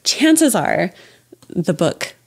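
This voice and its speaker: Chatty, animated woman podcast guest. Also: lowish voice, extremely slow, gravelly, breathy edge. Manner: chatty and animated, laughs often. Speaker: podcast guest, children's book writer. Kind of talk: casual interview chat.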